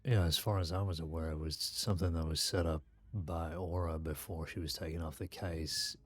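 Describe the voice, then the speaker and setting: A man playing a sheriff in a western roleplay, talking in character in a hesitant, calm way. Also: sits low, moderate pace.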